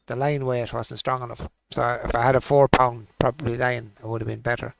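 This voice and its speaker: A man streaming a game and chatting loosely with friends on a voice call. His voice sits at an ordinary middle pitch for a man. He swears casually and laughs easily as he talks. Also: little pitch movement, brisk, creaky. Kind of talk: casual gaming stream chat.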